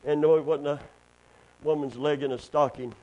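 High-voiced preacher man, swinging loud and soft. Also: fairly even intonation, normal speed, muffled recording. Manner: preaching with sudden loud high climbs and quiet low asides. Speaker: pastor. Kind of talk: sermon.

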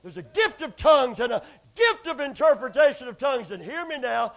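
A man delivers a fervent sermon, one moment shouting and whooping, the next dropping to a hush. His voice sits unusually high and has a rough, gravelly edge. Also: very animated, moderate pace. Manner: swings from shouting to hushed, whooping. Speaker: preacher.

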